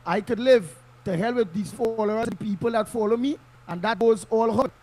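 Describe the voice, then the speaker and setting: Trinidadian man, high-pitched, emphatic, repetitive Creole phrasing, political commentary, call-in mic. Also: brisk, a little mellow.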